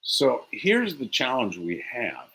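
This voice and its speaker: A man in a casual political chat, talking haltingly and restarting his sentences. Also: mid-range voice, wildly swooping pitch, pushed and bright, breathy edge, poor audio.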